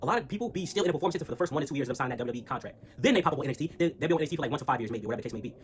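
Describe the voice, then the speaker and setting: A man giving a casual opinion rant as a wrestling vlogger, slangy and full of restarts, building into loud heated stretches. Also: medium pitch, lively intonation, slight background noise. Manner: fast, slangy, repeats words and restarts, gets loud and heated.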